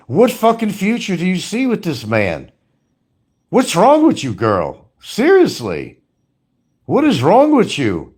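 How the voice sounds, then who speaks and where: A man's voice: on the high side, darkish tone, husky. A man ranting angrily in commentary, swearing often and firing scolding rhetorical questions. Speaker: commentary streamer.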